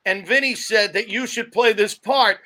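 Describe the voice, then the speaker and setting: A man's voice: high-pitched, moderate pace, sharp tone. A man hosting a casual chat, teasing and joking with his guest. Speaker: podcast host.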